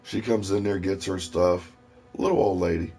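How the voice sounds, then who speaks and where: A man's voice: low voice, steady tone, moderate pace, a little mellow. A man from Ohio telling rambling personal stories in a casual, profane way. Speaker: stream host. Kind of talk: casual storytelling.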